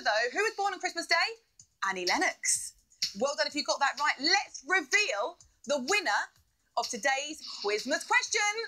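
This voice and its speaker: A woman's voice: high voice, bright, forceful tone, low-quality recording. A woman hosting a live quiz show, bubbly, with playful asides.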